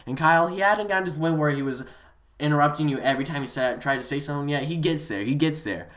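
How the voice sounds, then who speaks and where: A young man telling a gaming story in a casual, excited, rambling way, full of fillers. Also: on the high side, quick pace. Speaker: gaming vlogger.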